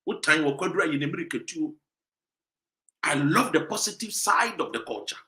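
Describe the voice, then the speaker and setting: A man with a Ghanaian accent giving emphatic commentary, full of rhetorical questions, sometimes loud and sometimes dropping low. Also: expressive, a little fast, echoey room. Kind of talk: animated commentary mixing Twi and English.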